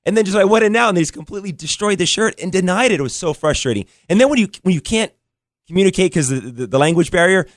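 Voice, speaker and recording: A man co-hosts a radio talk show, and he tells his story quickly and with plenty of frustration. His voice sits a little high. The studio sound is dry and close. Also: lively intonation, no room sound. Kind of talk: casual talk show chat.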